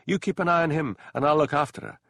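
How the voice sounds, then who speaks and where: A man voicing a bold, practical young woman who speaks quickly and urgently. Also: fairly high pitch, vocal fry, fairly bright tone, no room sound, clean studio sound, voice pushed up.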